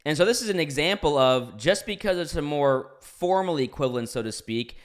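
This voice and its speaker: A young man hosts the show, asking questions in an earnest and curious tone. His voice sits a little high for a man, and he often pauses with fillers and corrects himself mid-sentence. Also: lively intonation. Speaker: podcast host. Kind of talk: interview questions.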